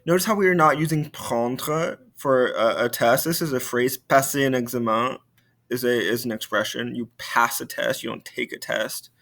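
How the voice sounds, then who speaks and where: A man's voice: mid-range voice, moderate pace, creaky, a bit bright. A male French teacher giving a recorded video lesson, explaining patiently and repeating key points.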